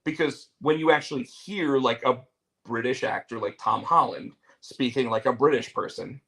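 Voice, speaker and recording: A man's voice: mid-range voice, normal speed, fairly bright tone. A man hosting a casual talk show, telling things in a rambling way and often restarting his sentences. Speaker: show host. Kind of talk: casual chat.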